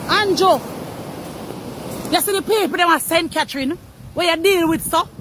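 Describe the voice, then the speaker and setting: A woman's voice: very high voice, fairly bright tone, slight background noise. A Jamaican woman ranting angrily to the camera outdoors by the beach, accusing and repeating a name over and over. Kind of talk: angry street rant to camera.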